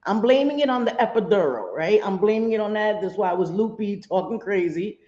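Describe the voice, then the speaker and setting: A woman's voice: medium pitch, brisk, reverberant, dull audio. Chatty middle-aged woman live streaming. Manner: chatty and expressive, greets viewers by name, swings from sweet to fired up. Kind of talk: casual live chat reading viewer comments.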